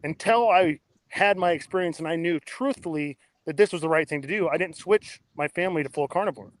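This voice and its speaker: A man in his thirties, a podcast guest, telling his story in a blunt, excitable way and cursing freely. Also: fairly high pitch, brisk. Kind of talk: casual interview storytelling.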